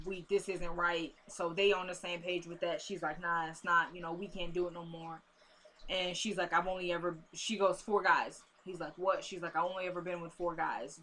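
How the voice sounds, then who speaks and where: A woman's voice: on the low side, pushed and bright, a little hiss or hum. A woman casually recapping a TV episode for her viewers, chatty and drifting into asides, calling them "y'all".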